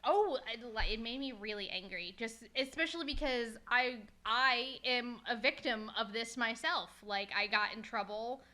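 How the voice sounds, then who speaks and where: A woman hosting a podcast with a high, bright voice. She talks bluntly and rants with plenty of swearing. Casual and loose in delivery. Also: moderate pace, hardly any pauses. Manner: blunt and profane, ranting. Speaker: podcast host. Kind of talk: casual chat.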